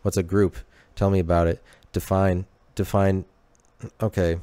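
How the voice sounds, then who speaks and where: A man with a low, smooth, clear voice rambles through a comedic podcast monologue. He keeps restarting his sentences and talks to himself with irony. The sound is dry and close. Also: level tone, measured pace, dark tone, no echo. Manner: rambling, restarting sentences, ironic self-talk. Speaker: podcast host.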